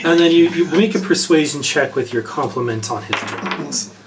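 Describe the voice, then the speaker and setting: A man narrating a tabletop game as game master, often halting and repeating words. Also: fairly high pitch, expressive, over a noisy crowd.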